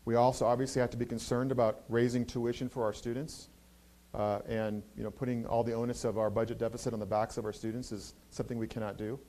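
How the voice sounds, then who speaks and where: A man's voice: medium pitch, level tone, dark tone. A man speaking as a university president, answering audience questions earnestly with frequent hesitations. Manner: earnest, halting with many fillers. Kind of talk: Q&A answers at a campus address. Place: university event hall.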